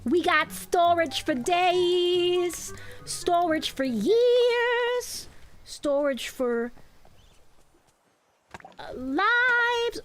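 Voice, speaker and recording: A woman livestreaming a video game, chatting playfully and rambling with her viewers. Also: fairly high pitch. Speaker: streamer. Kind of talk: live game-stream chat. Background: faint game music.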